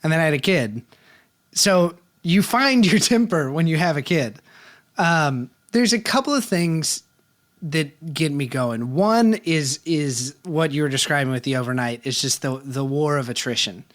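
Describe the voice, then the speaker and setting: A man's voice: a little high, animated, a little slow, a bit bright. A man in his thirties co-hosting a podcast, talking candidly and with self-deprecation in casual chat. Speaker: podcast co-host.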